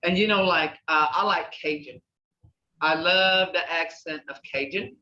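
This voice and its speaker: A woman's voice: low-pitched, a little slow. Chatty older Oklahoma woman teaching. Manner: chatty, laughs often, acts out sounds. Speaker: language teacher. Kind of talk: casual class talk. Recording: distant, dull, roomy sound.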